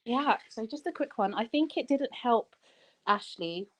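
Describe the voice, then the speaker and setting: A woman from England with an English accent, calling in to give her opinion in an animated, chatty way. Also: a little high, measured pace, highs cut off. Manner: animated, calls listener "darling", laughs easily. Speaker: caller. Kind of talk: call-in opinion.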